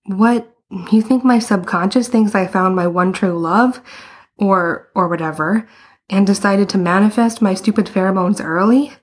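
A woman voicing an anxious, flustered young man in a story, with a rushed, pleading way of talking. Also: medium pitch, slightly rough, close to an everyday voice. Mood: exasperated.

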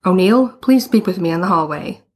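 Quiet, formal fish headmaster, read by a woman in a storybook. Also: on the low side, lively intonation, fairly quick, breathy edge. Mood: stern. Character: stern fish headmaster, male.

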